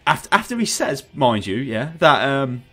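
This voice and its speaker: A man hosting a gaming podcast over voice chat, ranting in an animated, sarcastic way. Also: medium pitch, normal speed, husky, soft background music. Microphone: headset on voice chat.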